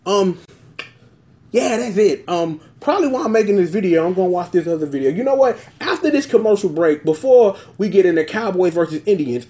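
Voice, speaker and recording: Animated, high-voiced male vlog host. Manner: animated, joking, breaks into voices. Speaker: show host reviewing a TV episode. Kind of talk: casual commentary vlog.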